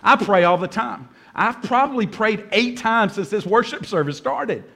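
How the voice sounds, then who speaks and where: A man's voice: sits high, animated, normal speed, creaky, a bit bright. A man preaching as a pastor, talking to his church in a conversational, humorous way and often checking in with "right?". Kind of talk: sermon. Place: church service.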